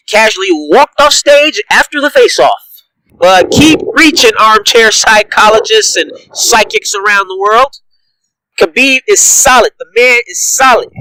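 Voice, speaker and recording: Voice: medium pitch, fairly bright tone, no echo, low-quality recording. A reaction vlogger giving heated, profane commentary, ranting with repeated emphatic jabs and frequent laughter.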